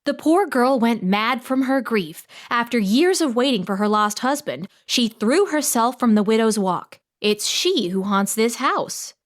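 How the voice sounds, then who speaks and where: Lady narrator doing a coy gossipy town lady, high and swoopy, loves a bit of drama. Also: lively intonation, a little slow, few pauses. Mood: gossipy, dramatic. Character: theatrical gossipy small-town woman, coy. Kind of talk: audiobook character voice.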